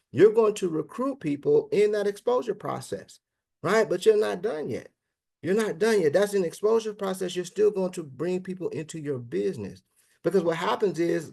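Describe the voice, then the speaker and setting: Over an online meeting, a man with a gravelly voice gives a high-energy motivational business presentation. He speaks casually, calling out "man" and "guys" and asking the audience "right?" after nearly every point.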